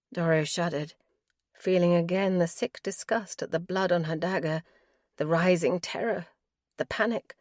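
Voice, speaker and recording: Woman reading an audiobook, slow and measured, lowish voice, dry close sound. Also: a little mellow, no room sound. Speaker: audiobook narrator. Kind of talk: scripted narration.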